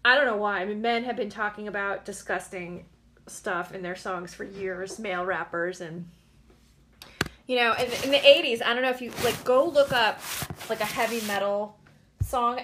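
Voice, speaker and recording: A woman's voice: medium pitch, a bit bright. A woman in her late thirties hosting a casual solo podcast from home, blunt, sarcastic and defiant. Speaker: podcast host.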